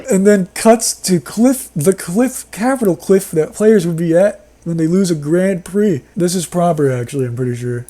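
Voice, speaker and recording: A man's voice: high-pitched, animated, moderate pace, few pauses, mellow. A man reading a horror story aloud and mocking it with sarcastic remarks and bursts of laughter. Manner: sarcastic, breaks into laughter and outbursts. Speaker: reader and commentator.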